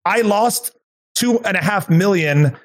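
Rambling man, slightly higher voice. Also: expressive, measured pace. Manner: rambling, filler-heavy, earnest. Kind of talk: casual chat.

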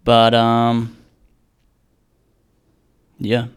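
A man's voice: mid-range voice, monotone, very slow, clean tone. Rambling, joking young man podcaster. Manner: rambling, profane, jokey, acts out quotes. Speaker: podcast host. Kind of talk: casual solo podcast rambling.

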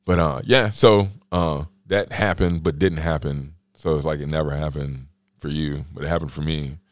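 Low-voiced rambling podcast man. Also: fairly even intonation, normal speed, no echo, studio quality. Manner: rambling, slangy, joking storyteller. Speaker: podcast host. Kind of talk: casual solo podcast storytelling.

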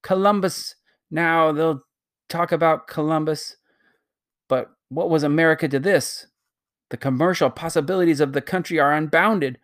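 A man's voice: on the high side, normal speed, natural voice. A reader voicing a pompous, greedy man past sixty who gloats and schemes aloud in a storybook. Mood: scheming. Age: 60s.

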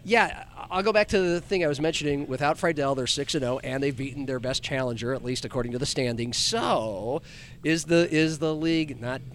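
A man hosting a casual sports podcast in a mid-pitched, ordinary voice. He often stops and restarts his sentences while he works out his point. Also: a little hiss or hum. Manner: halting, many restarts. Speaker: podcast host.

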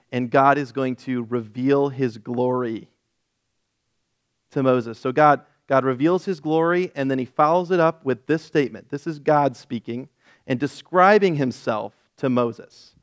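With a medium-pitched voice, a male pastor teaches from a Bible passage during a sermon, explaining it and performing the quoted lines with feeling.

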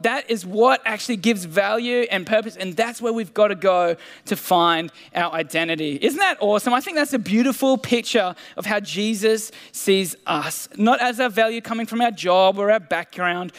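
A man preaches a sermon in a casual, self-deprecating manner, full of fillers and restarts. His high, fairly bright voice moves at a moderate pace with hardly any pauses, under long hall reverb.

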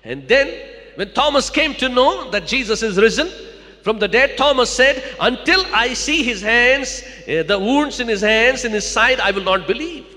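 A man's voice: very high-pitched, expressive, moderate pace, pushed and bright, long reverb tail. A man preaching a sermon to a church, repeating key lines and calling out to the congregation.

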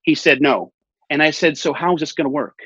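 Man, 30s, animated storyteller, acts out quotes, dry muffled sound. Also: on the high side, fairly quick, breathy edge, no room sound. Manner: animated, acts out quoted dialogue, repeats phrases. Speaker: guest telling his weight-loss story. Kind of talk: casual storytelling in an interview. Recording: muffled lo-fi audio.

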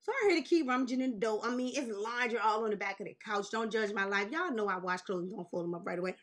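A woman in her forties telling a long story in casual chat, animated and swearing, laughing as she goes and jumping high when she quotes people. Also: quick pace. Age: 40s. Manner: jumps high in pitch when quoting people. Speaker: podcast host.

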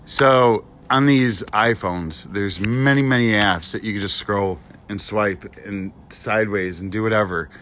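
Bright-voiced laid-back man co-host. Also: lowish voice, unhurried, hardly any pauses, a little hiss or hum. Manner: laid-back, slangy, laughing. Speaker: podcast co-host. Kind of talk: casual comedic podcast chat.

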